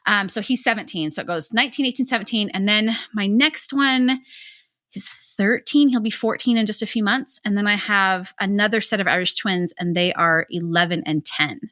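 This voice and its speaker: A woman's voice: mid-range voice, moderate pace, fairly bright tone, dry recording, studio quality. A woman in her forties, a guest author on a podcast, chatting energetically with frequent laughs and lots of "like". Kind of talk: casual podcast chat.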